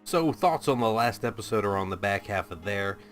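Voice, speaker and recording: A man's voice: lowish voice, animated, brisk, soft background music. A man hosting a reaction video, chatting casually to camera in a rambling, self-deprecating way with frequent swearing.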